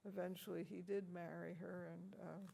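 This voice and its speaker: Speaking at a normal speed with a flat delivery, this older American woman has a fairly low, dark voice with vocal fry, and a little hiss or hum is audible. She's being interviewed about her life as an organist and teacher, telling chuckling stories full of hesitant restarts.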